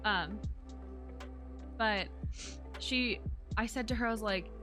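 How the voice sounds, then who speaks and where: A woman's voice: medium pitch, takes it slowly, music in the background. A young woman streamer chatting casually, rambling with many fillers and restarts as she tells a story. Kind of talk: casual chat while streaming.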